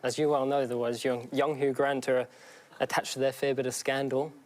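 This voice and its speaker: A man's voice: medium pitch, flat delivery, moderate pace. Hesitant, self-deprecating young man. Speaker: quiz contestant. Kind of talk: casual TV chat.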